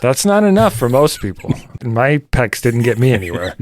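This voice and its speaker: A man co-hosting a music podcast in relaxed casual chat, laughing easily with his co-host. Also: medium pitch.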